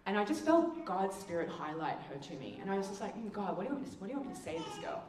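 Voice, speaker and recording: A woman giving a testimony talk as a speaker, telling stories and acting out the quotes with big jumps in pitch. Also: very animated, rapid-fire, a little mellow. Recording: echoey room, heard from a distance.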